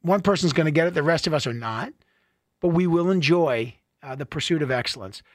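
A man's voice: on the high side, expressive, fairly quick, no room sound, studio quality. A man hosting a call-in talk radio show, bantering playfully with callers and laughing often.

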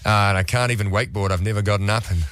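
A man's voice: lowish voice, rapid-fire, fairly bright tone, no echo, clean studio sound. A young man, co-hosting a radio show and telling a story sheepishly, laughing a lot and restarting sentences. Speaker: radio co-host. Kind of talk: casual radio banter.

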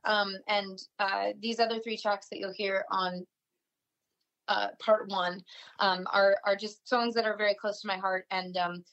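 A woman musician guest in a casual interview over a video call, talking warmly with many fillers and restarts. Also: medium pitch, little pitch movement, measured pace, highs cut off.

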